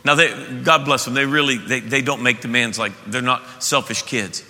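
A man preaching a sermon as pastor, emphatic and animated, often restarting his sentences. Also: medium pitch, moderate pace. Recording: echoey hall.

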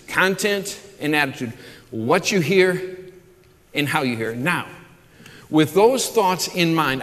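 A man preaching a sermon as pastor, earnest, often restarting and repeating words as he builds lists. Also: a little high. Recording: long hall reverb.

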